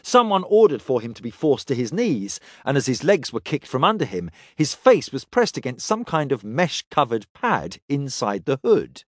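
A man narrating a fantasy audiobook in an expressive, dramatic storytelling manner. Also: mid-range voice, moderate pace, few pauses, no room sound, clean studio sound. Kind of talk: scripted fiction narration.

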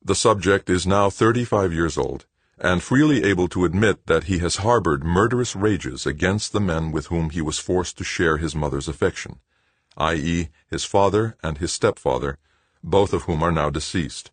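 Deep husky guy reading a novel aloud, measured and dramatic. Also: no echo. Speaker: audiobook narrator. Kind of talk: scripted narration.

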